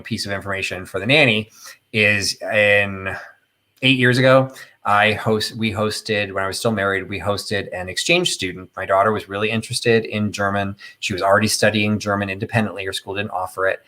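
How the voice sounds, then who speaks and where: A man's voice: fairly low pitch, fairly even intonation, moderate pace, sharp tone. A middle-aged man hosting a casual live chat, telling a rambling, opinionated story full of fillers and tangents. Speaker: host of a live chat stream.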